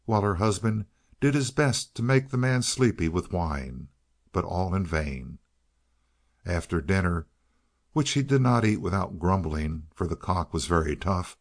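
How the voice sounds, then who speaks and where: A man reading a fairy tale aloud in a measured, expressive way. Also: low-pitched. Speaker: audiobook reader.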